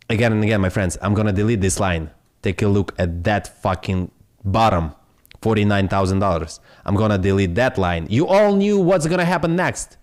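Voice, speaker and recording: Excitable Ukrainian-accented male streamer. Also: on the low side, moderate pace. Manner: excitable, swearing, broken English. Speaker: crypto stream host. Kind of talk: live stream commentary.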